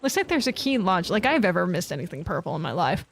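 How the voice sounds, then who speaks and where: A fast-talking woman with a lowish, creaky, sing-song voice streams a horror game. She reads the on-screen text aloud, talks to herself, and panics while cursing at what's happening.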